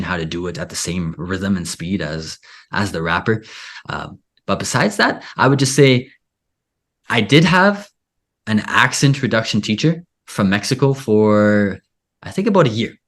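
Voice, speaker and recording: A man's voice: on the low side, a bit bright. A man hosting a casual interview, talking in a rambling way full of filler "like". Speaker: podcast host and Spanish teacher.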